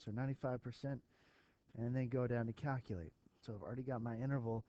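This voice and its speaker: A man's voice: medium pitch, steady tone, fast, no echo, highs cut off. A man teaching a recorded statistics lesson, thinking aloud with fillers as he works through an example for his students. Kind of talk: recorded math lesson walkthrough.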